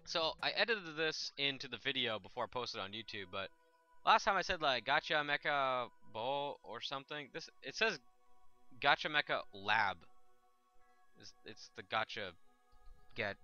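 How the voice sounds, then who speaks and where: A man hosting a live let's play, commenting as he plays; he shouts attack names in bursts and mutters asides in between. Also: medium pitch, clean tone, muffled recording.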